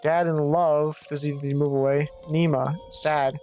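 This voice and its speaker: A woman's voice: deep voice, flat delivery, normal speed, soft background music. Foul-mouthed woman streamer thinking aloud. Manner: swears freely, thinks out loud, reads game text. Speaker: gaming streamer. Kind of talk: let's play commentary.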